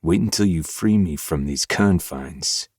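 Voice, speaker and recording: A woman narrating an audiobook, voicing a dark, possessive, commanding man in a low, slow, menacing purr. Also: husky, dry recording, studio quality, heavily acted.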